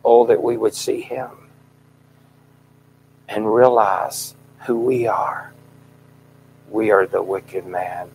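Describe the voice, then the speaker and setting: A middle-aged man preaching a sermon in a fervent, emphatic style, his voice swelling loud at key points. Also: lowish voice, steady tone, slow, long pauses, husky, low-quality recording.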